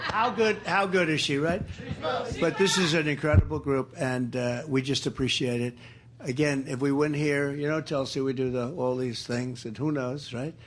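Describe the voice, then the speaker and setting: A man's voice: mid-range voice, steady tone, normal speed. A man, a political candidate, giving rambling, repetitive off-the-cuff campaign remarks to supporters.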